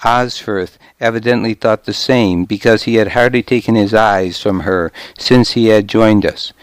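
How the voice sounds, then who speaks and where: A man narrating a first-person audiobook in a measured, even manner. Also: fairly low pitch, no room sound.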